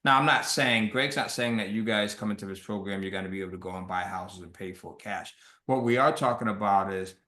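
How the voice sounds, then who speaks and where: Bright forceful guy hosting a webinar, motivational chat, echoey room. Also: on the low side, a little fast. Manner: conversational, motivational, reads out viewer questions. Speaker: webinar host.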